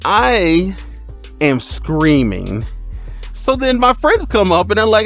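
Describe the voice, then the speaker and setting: A man telling a funny storytime as a streamer, animated, laughing and exclaiming as he goes. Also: high-pitched, slow, soft background music. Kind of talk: storytime vlog.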